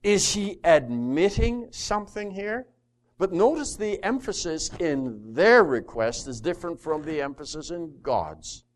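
A man whose voice is a little high and a little slow leads a spirited Bible study, reading from scripture aloud and asking his listeners questions.

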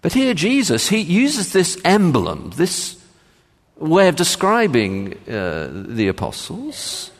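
A man preaching a sermon as pastor, measured and emphatic, with frequent pauses and "uh" fillers. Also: on the high side, wildly swooping pitch. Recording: long reverb of a large hall.

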